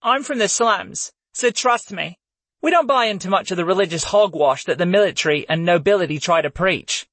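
A man's voice: sits high, moderate pace, fairly bright tone, no echo, pitched above the performer's own voice. Man putting on a cheeky young slum woman. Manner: quipping, brash.

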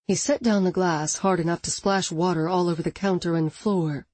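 Give me a woman narrating an audiobook with a dark, mellow tone, expressive and dramatic. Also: on the low side, normal speed, few pauses, dry recording. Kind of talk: scripted narration.

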